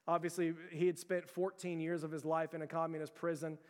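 High-voiced preaching man in a reverberant hall. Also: flat delivery, fairly quick, clean tone. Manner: earnest preaching, repeated restarts, addresses the church. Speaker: pastor. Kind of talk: sermon.

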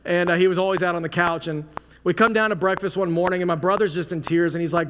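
A man's voice: sits high, fairly even intonation, fast, fairly bright tone. A man preaching a sermon as pastor, in a casual, conversational way full of "like" and restarts. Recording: long hall reverb, faint noise.

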